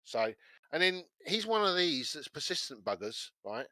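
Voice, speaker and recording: A man chatting on a gaming podcast, telling stories in an animated way, swearing and laughing as he goes. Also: on the high side, normal speed, dry recording. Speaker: podcast co-host. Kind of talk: casual chat, storytelling.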